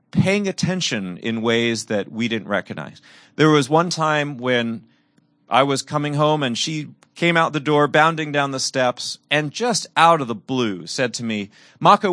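A middle-aged man preaching a sermon and telling personal stories, earnest, moving between raised emphasis and soft, quiet reflection. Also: medium pitch, no echo, clean studio sound.

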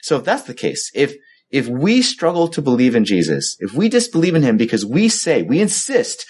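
A man's voice: mid-range voice, moderate pace, slightly rough. A man preaching a sermon in a conversational, storytelling way, acting out the quoted exchanges. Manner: conversational storytelling, animated when quoting himself. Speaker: pastor.

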